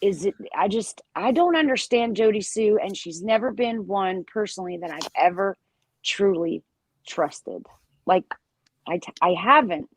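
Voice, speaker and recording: A woman's voice: medium pitch, measured pace, a little hiss or hum. A woman in her forties talking bluntly and jokingly in a casual group chat. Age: 40s. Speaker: panelist.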